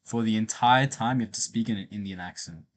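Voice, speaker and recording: A man's voice: on the low side, fairly quick. A man streaming a casual chat with an AI, talking in a blunt, teasing, slangy way.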